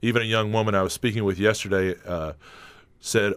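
A man's voice: on the low side, normal speed, a bit bright, smooth, no echo. A man from North Carolina and Tennessee with a Southern accent, an easygoing theater director talking in a radio interview.

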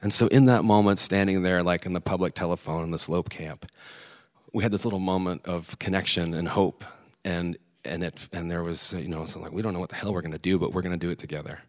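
A man in his thirties telling a candid personal story on a theater stage, earnest and halting at times. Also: sits low, steady tone.

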